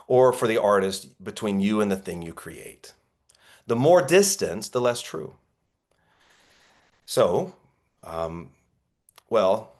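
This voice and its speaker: A man coaching actors in an online workshop, telling stories in an earnest, reflective way over a video call. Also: fairly low pitch. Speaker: acting coach.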